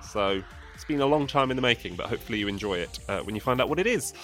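A man's voice: mid-range voice, expressive, racing, a bit bright, soft background music. Rambling male podcast co-host. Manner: rambling, self-mocking. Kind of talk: casual chat.

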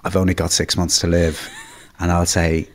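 A man's voice: deep voice, completely flat delivery, normal speed. Man telling funny stories. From Ireland. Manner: self-deprecating, stammering restarts. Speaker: podcast guest. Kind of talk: anecdotal storytelling.

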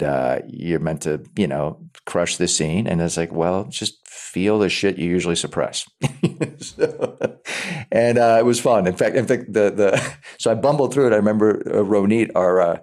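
A man's voice: sits low, darkish tone. A man, an actor, talking casually in an interview, often repeating words as he restarts and acting out quoted lines. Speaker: actor guest.

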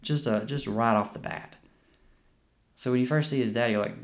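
A man's voice: mid-range voice, moderate pace. A young man hosting a podcast and chatting casually about a movie, rambling and swearing a lot. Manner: rambling, profane, with frequent restarts and laughs. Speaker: podcast host. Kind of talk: casual movie review chat.

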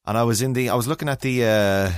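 A man's voice: medium pitch, fast, clean tone, dry recording, clean studio sound. A middle-aged Irish man with a rambling, self-mocking manner, telling a long story in casual chat as podcast co-host, on a remote call mic. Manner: rambling, self-mocking, acts out other voices.

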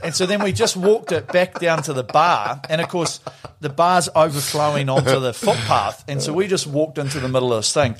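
A man's voice: fairly high pitch, brisk, slightly rough. A man telling a rambling, laughing anecdote as a podcast guest, swearing freely. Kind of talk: casual storytelling.

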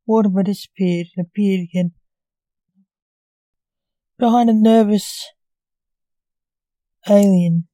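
Slow dark-voiced woman narrator. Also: mid-range voice, fairly even intonation, no echo. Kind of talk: storybook reading.

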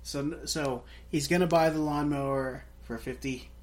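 A man with a somewhat high voice co-hosts a casual film podcast. He rambles through crude jokes and trailing asides. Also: fairly even intonation, measured pace. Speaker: podcast co-host. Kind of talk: casual comedic film chat.

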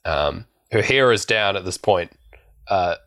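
A man's voice: deep voice, lively intonation, measured pace, fairly bright tone. A man co-hosting a casual film podcast, recapping scenes in a rambling way with lots of fillers and restarts. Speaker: podcast co-host.

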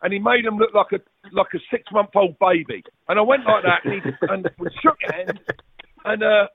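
A man's voice: high-pitched, moderate pace. Man telling stories over a tinny line. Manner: rambling anecdotes with swearing and restarts. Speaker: guest, former footballer. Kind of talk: casual storytelling chat. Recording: tinny phone-like audio, dry.

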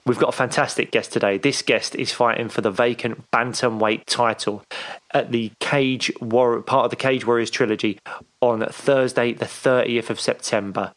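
A man co-hosting a podcast, chatting casually in a deliberately soft, hushed voice, and laughing often. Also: medium pitch, steady tone. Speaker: podcast co-host.

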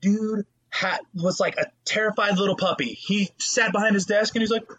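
Young man, husky, high voice, casual podcast chat. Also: normal speed. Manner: animated storytelling, swears a lot, acts out voices. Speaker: podcast co-host, substitute teacher.

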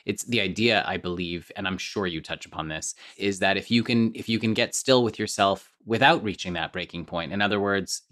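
Male interview host, low voice, reflective, halting, repeats himself. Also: fairly bright tone. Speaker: podcast host. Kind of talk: conversational interview.

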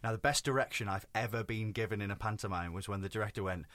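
A man's voice: lowish voice, quick pace, no room sound. A man telling comic stories in casual podcast chat. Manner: animated storyteller, does voices.

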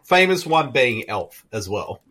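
A man co-hosting a podcast in casual chat, excitable and quick to laugh. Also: mid-range voice, breathy edge. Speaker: podcast co-host.

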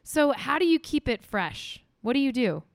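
A woman's voice: sits high, sing-song, normal speed, vocal fry, no echo, clean studio sound. A woman hosting an interview, encouraging her guest and asking him follow-up questions. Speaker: host.

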